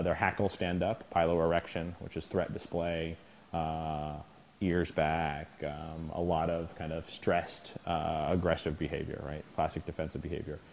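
A man's voice: deep voice, darkish tone, slight background noise. A man teaching a clinic for dog trainers, talking conversationally, often checking in with the class and acting out scenes. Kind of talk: informal lecture to trainees.

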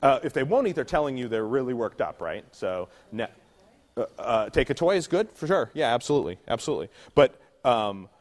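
A man's voice: mid-range voice, sing-song. A man running a puppy class, explaining dog training in a casual, conversational way and acting out little scenes. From California. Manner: conversational, acts out little scenes with quick voices. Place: indoor training class room.

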